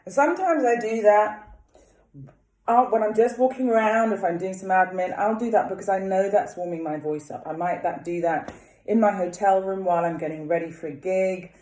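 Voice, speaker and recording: A woman singing teacher leading a vocal warm-up, chatting casually and demonstrating lip trills and vowel exercises. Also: medium pitch, moderate pace, echoey room.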